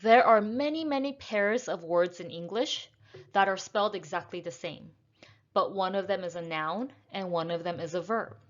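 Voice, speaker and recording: A woman teaching English pronunciation, speaking slowly and carefully and repeating each word twice so it can be heard. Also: lowish voice, highs cut off. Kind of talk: pronunciation lesson.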